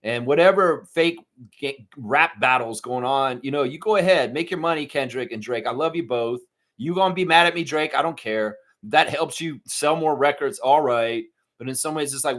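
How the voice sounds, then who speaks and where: Chatting casually on his live stream, a man reads viewer chat aloud and replies, now and then launching into animated, mocking impressions and shouts. His voice is mid-range and his pace moderate.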